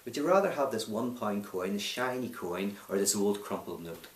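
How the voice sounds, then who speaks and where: A man's voice: lowish voice, expressive, normal speed, natural voice. A Northern Irish man voicing a mocking British army officer, taunting and condescending, told in a story. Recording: roomy, distant mic.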